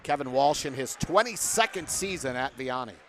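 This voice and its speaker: A man's voice: mid-range voice, expressive, moderate pace, a bit bright, slight background noise. A man doing play-by-play for a basketball game from a broadcast booth, chatting with guests between plays. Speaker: play-by-play announcer.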